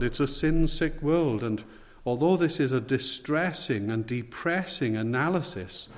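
A man's voice: mid-range voice, a little mellow. Earnest male preacher, weighty sermon delivery in a reverberant hall. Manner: earnest, emphatic, slows for weight.

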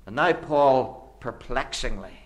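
Earnest preacher with a lively pitch. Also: male voice, slow. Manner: earnest, rhetorical, builds with repeated phrases; swings from hushed low phrases to sudden emphatic rises. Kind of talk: sermon.

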